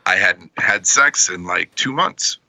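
A man telling an embarrassing personal story on a podcast, animated and laughing along as he goes. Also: sits low, takes it slowly, no room sound, low-quality recording. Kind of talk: casual storytelling.

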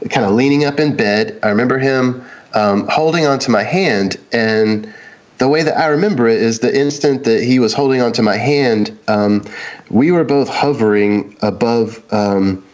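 A man's voice: mid-range voice, normal speed, highs cut off. A man casually telling a personal story, meandering with lots of ums and likes and acting out the quotes. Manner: meandering, many "um"s and "like"s, acts out quotes. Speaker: guest sharing a personal story.

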